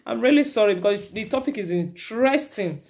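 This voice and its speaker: A woman's voice: a little high, animated, moderate pace, a little mellow, slight background noise. A woman with a Nigerian accent, a mother and vlogger, giving earnest advice to her viewers in casual talk, switching between Pidgin and English.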